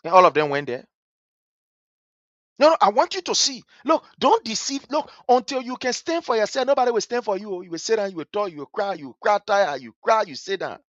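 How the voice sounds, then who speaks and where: A man's voice: sits high, expressive, fast talker, hardly any pauses, no echo, dull audio. A man with a Liberian English accent giving impassioned, scornful political commentary, repeating his points with fire. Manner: fiery, scornful, repetitive.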